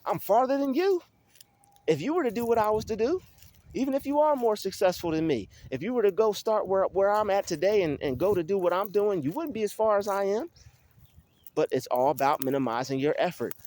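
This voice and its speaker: A man's voice: high-pitched, lively intonation, fairly quick, darkish tone. A man talking in a casual motivational monologue, emphatic and repetitive, like he is preaching. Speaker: motivational vlogger.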